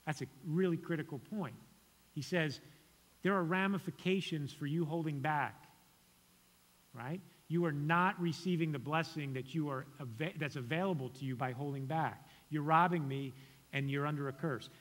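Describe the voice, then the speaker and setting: A man's voice: fairly high pitch, moderate pace, fairly bright tone. A young man preaching a sermon as a guest preacher in a conversational, earnest way that challenges his listeners. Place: church sanctuary. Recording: church hall reverb.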